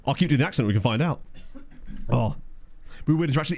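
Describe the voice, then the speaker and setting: List: man, fast-talking, animated, casual stream chat. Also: medium pitch. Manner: chatty, jokey, reads game stats aloud. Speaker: streamer playing a management game.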